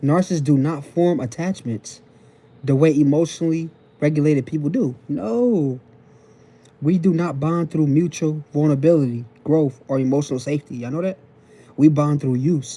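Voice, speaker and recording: A man lectures his live-stream viewers from his phone, repeating each point and asking if they follow. His talk is loose and slangy. The voice sits a little high but sounds very dark and mellow. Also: normal speed. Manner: repetitive, preachy, keeps checking in with the audience; casual slang and profanity. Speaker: TikTok live host.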